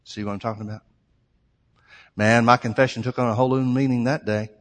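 A man's voice: mid-range voice, steady tone, fast, big-room sound. A middle-aged man preaching a sermon, emphatic and repetitive, building his phrases to strong peaks.

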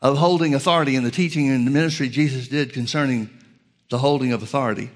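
A male preacher teaching from scripture, reading verses slowly with stress on key words and calling his listeners folks. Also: medium pitch. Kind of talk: Bible teaching sermon.

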